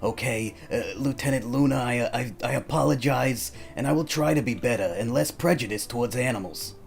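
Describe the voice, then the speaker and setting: A man's voice: medium pitch, brisk, vocal fry, faint music behind. Giggly, stammering male player. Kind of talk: in-character role-play.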